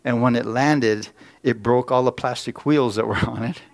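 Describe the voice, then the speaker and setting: A man's voice: mid-range voice, normal speed, vocal fry. A middle-aged man preaching a sermon, telling folksy personal stories and putting questions to the congregation.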